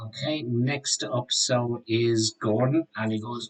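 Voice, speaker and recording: A man's voice: mid-range voice, a little slow, rough recording. A man narrating and refereeing a tabletop role-playing game in a casual, chatty way, explaining rules as he goes. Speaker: dungeon master.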